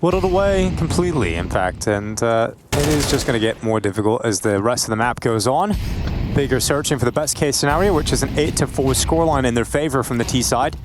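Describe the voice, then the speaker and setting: A man casting a live esports match, excitable and jokey, often laughing between plays. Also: mid-range voice, brisk, noisy background. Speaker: esports caster. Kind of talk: live play-by-play commentary.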